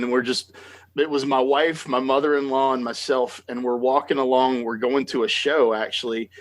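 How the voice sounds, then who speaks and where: A man with an American accent hosting a podcast, telling stories in an excitable, animated way. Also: medium pitch. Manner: excitable, animated storytelling with laughs. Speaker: podcast host. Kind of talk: enthusiastic interview chat.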